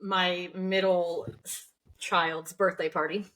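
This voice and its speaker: A woman's voice: on the low side, level tone, slow pace, fairly bright tone, poor audio. A woman co-hosting a podcast, chatting casually and reacting to her friend with quips and laughs. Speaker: podcast co-host. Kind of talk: casual chat.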